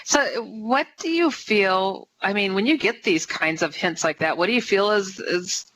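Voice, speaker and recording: A woman's voice: medium pitch, animated, unhurried, fairly bright tone, low-quality recording. A woman co-host reacting to a guest's story and asking searching questions, with restarts as she works her way toward her point. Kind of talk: interview questions.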